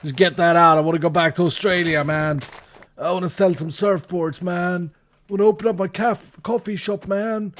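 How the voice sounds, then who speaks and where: A man's voice: high voice, fairly even intonation, moderate pace, fairly bright tone. A man voicing a laid-back American surfer dude who drawls and ends every phrase with "man". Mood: carefree.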